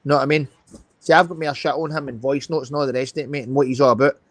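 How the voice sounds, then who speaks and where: A man's voice: medium pitch, steady tone, racing, no echo. Sweary Scottish man on a call. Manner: heated, sweary, repeats "mate" and "know what I mean". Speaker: live stream guest. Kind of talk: casual chat on a live call.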